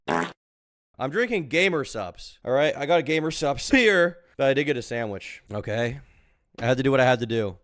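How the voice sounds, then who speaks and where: A man's voice: mid-range voice, animated, moderate pace, fairly bright tone, no room sound, studio quality. A man in his twenties chatting casually with his live stream chat from home, joking, rambling and crude.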